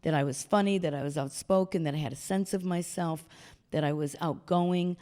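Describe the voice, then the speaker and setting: Older lady on stage spinning stories, lowish voice, bounces into other people's voices. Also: brisk. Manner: animated storyteller acting out quoted voices. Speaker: guest speaker. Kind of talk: storytelling talk. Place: stage talk before an audience.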